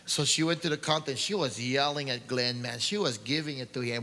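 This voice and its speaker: A man's voice: mid-range voice, brisk, few pauses, pushed and bright, long reverb tail. A man doing stand-up, telling jokes in a pidgin-flavored storytelling voice. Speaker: comedian. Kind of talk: stand-up joke telling with sung refrains.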